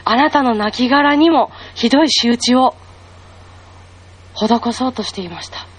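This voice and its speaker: Brief: actress voicing a young woman mourning her teacher; high, breathy, half-whispered, questioning. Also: fairly quick, close to an everyday voice, rough recording. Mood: grieving. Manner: hushed, questioning, tearful monologue. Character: grieving young woman, unmarried disciple. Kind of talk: devotional dramatic monologue.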